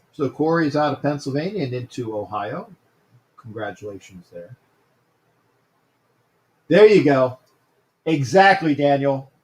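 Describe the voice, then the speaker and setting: Male stream host, rambling and friendly with viewers, voice sits a bit high. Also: a little mellow. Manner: chatty, repeats himself, greets viewers by name. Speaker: host of a sports talk livestream. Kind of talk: casual livestream chat.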